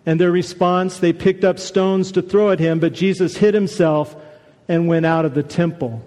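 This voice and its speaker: A man preaching a sermon, conversational and animated, with casual asides to the congregation. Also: high-pitched, moderate pace, long reverb tail. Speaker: pastor.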